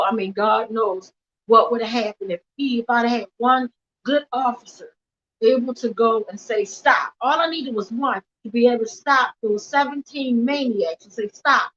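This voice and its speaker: Impassioned woman, fairly high-pitched. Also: a little hiss or hum. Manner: earnest and emphatic, retelling events in a rush with repeated "literally" and "I'm like". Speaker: activist speaking at a weekly vigil. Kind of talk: impassioned personal testimony. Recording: dull lo-fi livestream audio.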